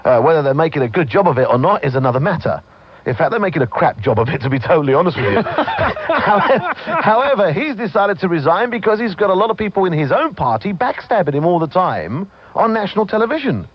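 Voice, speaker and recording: A man from Britain hosting a call-in talk radio show, blunt, opinionated and excitable. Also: high voice, fast, slightly rough. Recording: muffled 1990s radio broadcast.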